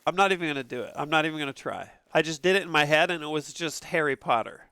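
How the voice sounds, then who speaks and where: A man streaming a hunting game from an upstairs room at home, excitable and foul-mouthed, quick to laugh. His voice is dry and close, with little room sound. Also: on the high side, smooth, no echo. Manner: excitable, profane, laughs often. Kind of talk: casual gaming stream commentary.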